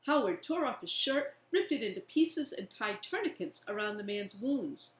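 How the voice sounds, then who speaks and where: A woman reading a children's book aloud in a slow, expressive way. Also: mid-range voice. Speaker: reader. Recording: echoey room.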